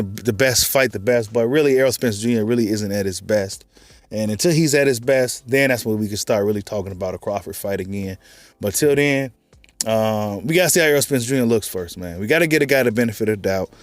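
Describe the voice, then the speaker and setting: A man's voice: mid-range voice, no echo. A man with a Texan accent giving casual, rambling boxing commentary, full of slang and repeated filler phrases. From Texas. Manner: loose, rambling, slangy, repeats "you know what I'm saying".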